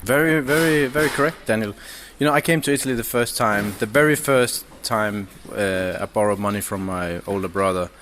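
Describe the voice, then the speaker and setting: A man, a podcast guest chatting casually and haltingly, with many restarts and fillers. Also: fairly low pitch, fairly bright tone, a little hiss or hum. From Denmark. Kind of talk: casual chat. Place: indoors, over drinks.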